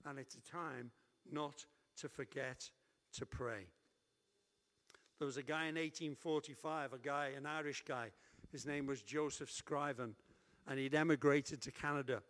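Man preaching in a reverberant hall. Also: medium pitch. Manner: lively, humorous, acts out prayers. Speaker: pastor. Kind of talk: sermon.

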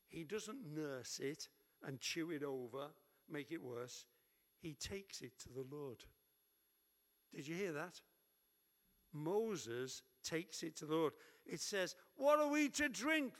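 A fairly high-voiced man preaches to his congregation, lively and joking as he acts out little prayers. His voice rings with a long reverb from the church hall around him. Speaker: pastor. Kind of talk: sermon.

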